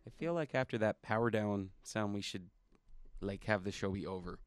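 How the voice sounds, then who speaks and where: A man's voice: on the low side, moderate pace, clear, resonant tone. A man hosting a radio show in a studio booth, chatting casually in a rambling, teasing way.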